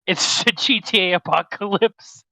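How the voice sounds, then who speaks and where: Young male co-host with a sharp, bright voice, deadpan quips, recorded dry on a dull lo-fi mic. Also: sits high, measured pace, creaky, no echo. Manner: dry, offhand jokes and quiet "mm-hmm" agreement. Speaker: podcast co-host. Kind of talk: casual chat.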